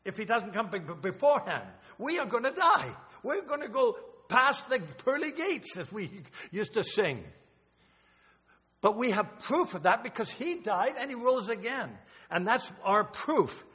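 A man's voice: very high-pitched, very animated, measured pace, pushed and bright. Older man preaching in an echoey church. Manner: emotional, rambling with restarts. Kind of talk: sermon. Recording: long hall reverb.

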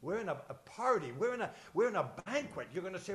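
A man leading a church service as pastor, emotional and chatty, fumbling with his notes and screen between warm asides. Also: high voice, sing-song, quick pace, few pauses. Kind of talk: sermon with casual asides. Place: church service shared over video call.

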